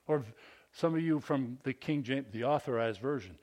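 A man preaching a sermon, reading scripture and acting out quotes with rising, pleading intensity. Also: moderate pace. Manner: animated preaching, climbs high and loud on quotes. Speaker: pastor.

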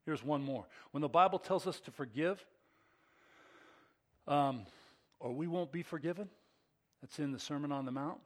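A middle-aged man preaches a sermon in a voice a touch higher than most men. He drops to hushed, low asides, then climbs to emphatic, excited peaks as a pastor. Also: normal speed, pauses often.

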